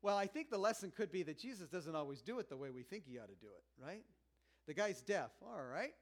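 Joking with the congregation, a pastor delivers a casual, conversational sermon in a voice a bit higher than most men's. He is very animated and a little fast, ranging from almost-whispers to loud, pressing stress.

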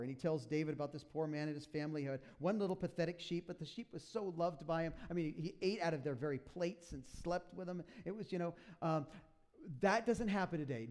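A man preaching a sermon to a congregation in a church, retelling a story with lively asides and acting out the characters. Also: high voice. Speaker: pastor.

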